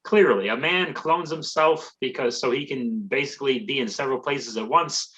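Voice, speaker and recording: A man's voice: mid-range voice, normal speed, pushed and bright, poor audio. A man hosting a comedy podcast, recapping a movie in a rambling, sarcastic way.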